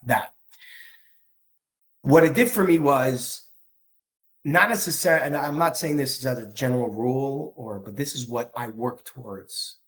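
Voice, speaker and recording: Man talking candidly, halting and frank. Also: mid-range voice, poor audio. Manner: candid, halting, with frequent restarts. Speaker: speaker on marriage. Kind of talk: personal talk.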